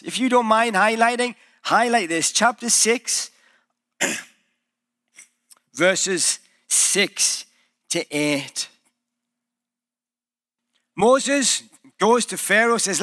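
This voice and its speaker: Bright-voiced, animated preaching man. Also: high-pitched. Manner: animated storytelling preacher, acting out quoted voices. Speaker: pastor. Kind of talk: sermon. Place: church.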